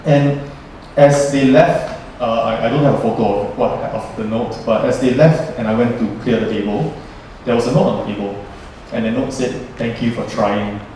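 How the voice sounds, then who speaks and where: A man's voice: mid-range voice, fairly even intonation, moderate pace, mellow, slight background noise. A young man speaking earnestly on stage as a student emcee, telling a personal story to an audience. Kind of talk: live stage speech to an audience. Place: large echoing hall. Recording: echoey hall heard from a distance.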